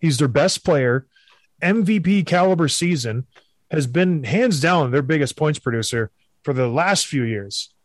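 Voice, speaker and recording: A man, a former hockey player, co-hosting a casual sports talk show and telling stories with animated emphasis. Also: fairly high pitch, measured pace, no room sound, studio quality.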